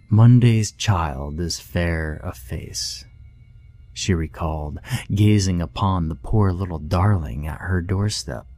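Male horror narrator, deep, dark tone, expressive rise and fall. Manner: slow and measured, dramatic. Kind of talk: scripted horror story narration.

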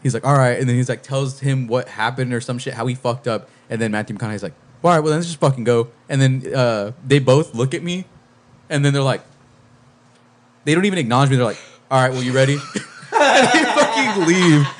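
A man's voice: mid-range voice, fast. A young man telling a story on a podcast, swearing freely and acting out what people said. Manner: profane, animated storyteller acting out quotes. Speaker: podcast co-host. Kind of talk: casual storytelling. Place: podcast studio.

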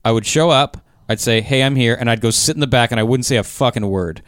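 A man's voice: mid-range voice, fast, no room sound, studio quality. A man, a stand-up comedian, chatting casually on a podcast and telling laid-back stories. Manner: laid-back storyteller, acts out quotes.

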